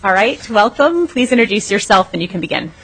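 A woman chairing a legislative committee hearing, calling up testifiers in a brisk, informal way. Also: medium pitch, sing-song, gravelly, a bit bright, a little hiss or hum, low-quality recording.

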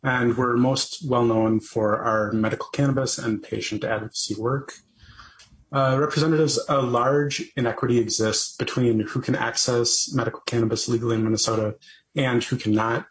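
A man's voice: mid-range voice, steady tone, normal speed, a little hiss or hum, low-quality recording. Man delivering prepared advocacy testimony. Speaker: advocacy group representative.

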